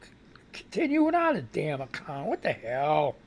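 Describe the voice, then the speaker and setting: A man's voice: on the high side, huge pitch swings, moderate pace. A man runs a live radio news show, reading headlines off the screen. He keeps drifting into rambling commentary and exasperated outbursts, and he sounds like he is fighting back a cough. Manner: rambling, reads headlines aloud and reacts with outbursts.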